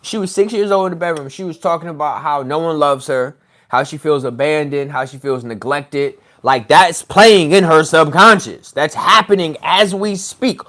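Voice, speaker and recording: A man telling a story in a casual, animated way, swearing and laughing as he goes. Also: a little high, normal speed. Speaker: podcast host, regression practitioner.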